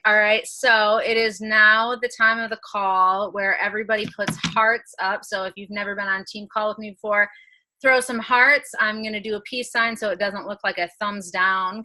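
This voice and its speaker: A woman's voice: mid-range voice, flat delivery, normal speed, bright, forceful tone, a little hiss or hum, low-quality recording. A woman hosting a team video call in an upbeat, enthusiastic, chatty way.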